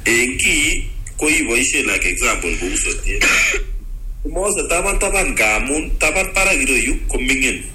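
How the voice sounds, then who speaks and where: Bright-voiced man explaining step by step. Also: mid-range voice, big pitch swings, moderate pace, slight background noise, poor audio. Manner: explains step by step, switching languages. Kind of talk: casual advice talk.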